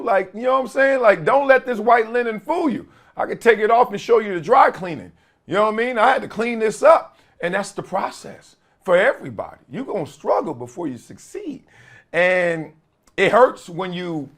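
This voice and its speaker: Animated man hosting his own show. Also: a little high, moderate pace. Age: late 40s. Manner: animated, laughing often, folksy slang. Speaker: host. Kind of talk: casual solo commentary.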